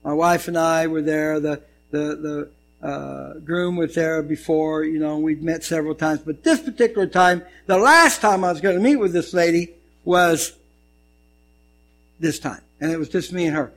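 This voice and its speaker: A man preaching a sermon, telling a story and swinging between loud and hushed delivery. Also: on the high side, moderate pace, gravelly, poor audio. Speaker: pastor.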